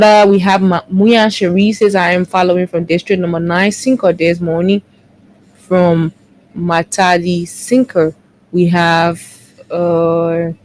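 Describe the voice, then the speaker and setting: A woman, co-hosting a morning show and briskly reading out viewer comments, correcting herself as she goes. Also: fairly low pitch, a little mellow, slight background noise, low-quality recording. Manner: brisk, with quick self-corrections.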